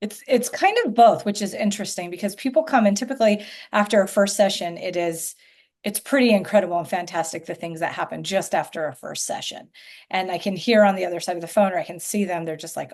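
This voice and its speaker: A woman's voice: medium pitch, fast, darkish tone. Middle-aged woman, healer guest on a podcast, chatty storytelling, acts out quotes.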